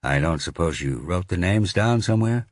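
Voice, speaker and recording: Audiobook: man voicing a careful male inspector, low husky voice, lively pitch, dry. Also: moderate pace, dry recording. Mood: probing. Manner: careful, methodical questioning. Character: thoughtful male police inspector. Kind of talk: audiobook character voice.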